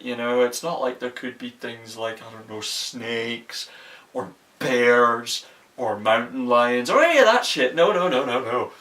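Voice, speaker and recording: A man's voice: mid-range voice, moderate pace, fairly bright tone. Profane rambling man reviewing a movie. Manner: profane, exasperated, rambling with restarts. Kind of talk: casual ranting movie review. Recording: voice a bit far from the mic.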